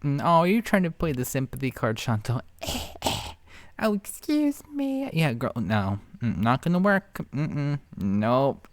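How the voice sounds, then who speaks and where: A man's voice: medium pitch, expressive, measured pace. A man giving casual, sarcastic commentary while reacting to a video. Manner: sarcastic, chatty.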